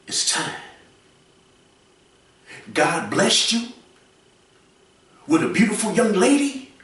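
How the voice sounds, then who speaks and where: High-voiced guy preaching and yelling advice, sounds far off in a big echoey room. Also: wildly swooping pitch, takes it slowly. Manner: preachy, repeats lines, often raises voice to shouting. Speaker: commentator.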